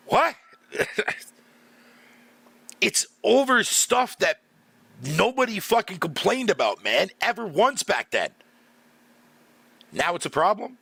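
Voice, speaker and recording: Middle-aged male streamer, profane exasperated rant, bright tense tone, dry close sound. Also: high voice, very animated, slow, gravelly, long pauses, breathy edge, no room sound. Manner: profane, exasperated, laughs often, filler-heavy. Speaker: gaming streamer. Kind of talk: ranting casual commentary.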